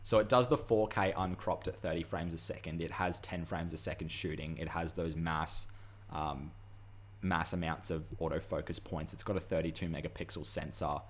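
A young man co-hosting a loose, casual chat. His voice sits on the low side, and he talks in a chatty, swearing, ranting way with plenty of animated asides. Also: normal speed, slight background noise. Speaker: podcast co-host.

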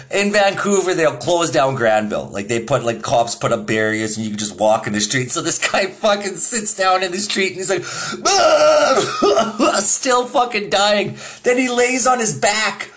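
A man's voice: on the high side, animated, normal speed, a bit bright. A young man hosting his own podcast, telling a rambling, profane story in casual chat and laughing often. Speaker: podcast host.

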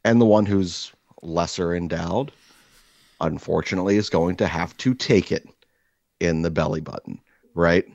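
A man hosting a podcast, telling a crude comic story in an animated, rambling way with many fillers, seated across from his co-host. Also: sits low, normal speed, creaky, no echo, highs cut off. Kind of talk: casual comedic storytelling.

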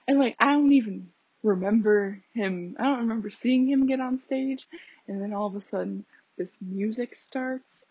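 A young adult woman hosts a casual podcast, rambling chattily with lots of fillers and laughing at herself. Her voice is on the high side, mellow and husky, in a dry, dull lo-fi home recording.

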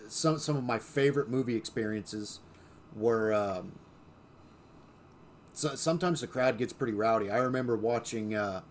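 A man of middle pitch co-hosts a casual podcast conversation. He tells stories loosely, full of "uh"s, "you know"s and restarts. A faint hiss sits under the recording. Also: moderate pace. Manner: storytelling, many fillers and restarts. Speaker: podcast co-host. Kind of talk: casual chat.

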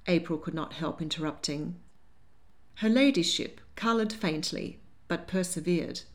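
A woman narrating an audiobook in a lively, expressive manner. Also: low-pitched, unhurried. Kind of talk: scripted narration.

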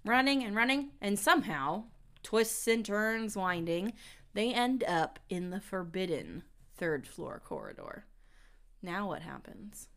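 A woman co-hosting a podcast, recapping a book in casual chat, giggly and animated. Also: mid-range voice, measured pace. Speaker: podcast co-host.

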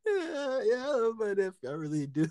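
A man's voice: high voice, brisk, no room sound. Guy telling a wild story, cussing and laughing, voice jumps all over, dry sound. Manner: animated, profane, laughs often, acts out quotes. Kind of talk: casual storytelling chat.

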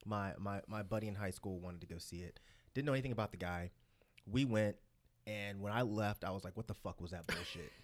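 A middle-aged man ranting in a casual group podcast chat, profane and animated. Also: fairly low pitch, brisk. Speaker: podcast co-host.

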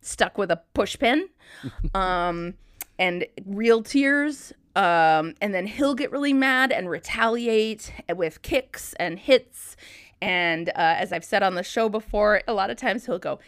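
Lively, laughing woman podcast host. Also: medium pitch, slow, clear, resonant tone, no room sound, clean studio sound. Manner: rambling and profane, laughs often. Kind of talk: casual chat.

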